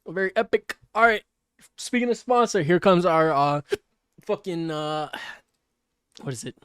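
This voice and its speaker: A man's voice: a little high, expressive, a little slow, fairly bright tone, smooth, no room sound, studio quality. A man co-hosting a streaming podcast, chatting casually and hesitantly, agreeing often. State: hiccups. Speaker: podcast co-host. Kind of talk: casual chat.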